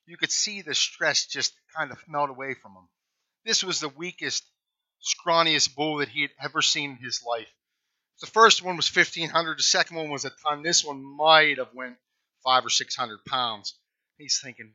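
Folksy preacher with a bright voice. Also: male voice, on the high side, normal speed, dry recording, muffled recording. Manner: folksy, conversational. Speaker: pastor. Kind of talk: storytelling sermon.

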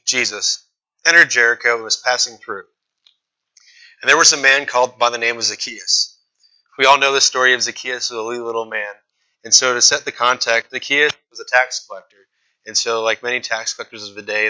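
Bright-voiced young man preaching casually. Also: medium pitch, low-quality recording. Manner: casual, conversational preaching with fillers and acted asides. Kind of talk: sermon.

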